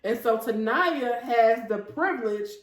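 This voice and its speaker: A woman in her thirties hosts a casual faith talk show, chatting warmly and earnestly to her viewers. Her voice sits fairly high. The room around her echoes noticeably. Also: animated, unhurried. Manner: chatty and heartfelt, often addressing viewers as y'all. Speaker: host.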